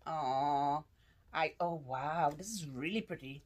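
A woman's voice: deep voice, a little slow, background noise. A woman vlogger opening fan mail and gifts, gushing and exclaiming with lots of laughter as she wrestles with the packaging. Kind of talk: casual unboxing vlog.

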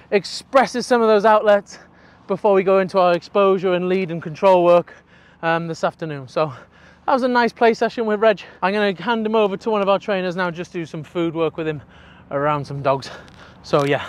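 High-voiced dog trainer, energetic. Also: male voice, moderate pace, hardly any pauses. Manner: energetic, chatty, swears casually. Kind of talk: casual training explanation.

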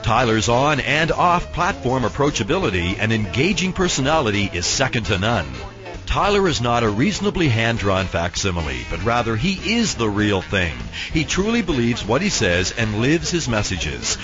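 A male announcer reads promotional copy in an upbeat, persuasive voice-over. His delivery swoops up and down with a lot of life, and music plays clearly underneath. The sound is dull and lo-fi. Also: medium pitch, sing-song, moderate pace. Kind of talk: scripted voice-over narration.

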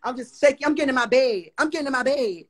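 A drunk young man on a livestream, loudly complaining and exasperated. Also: extremely high pitch, expressive, fast talker. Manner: loud, exasperated, slurring complaints. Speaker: livestream guest.

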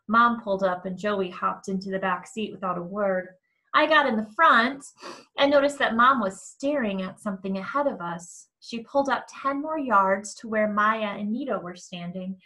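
Bright-voiced woman reading a novel. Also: mid-range voice, normal speed. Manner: expressive first-person narration. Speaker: reader.

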